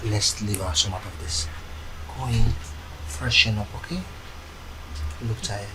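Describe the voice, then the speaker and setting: A man's voice: on the low side, measured pace, heavy background noise, lightly acted. A man playing a fond aging husband. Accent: Nigerian. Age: older. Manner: gentle, teasing, fond. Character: affectionate aging husband and father. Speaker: actor in a Nollywood film. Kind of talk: film dialogue.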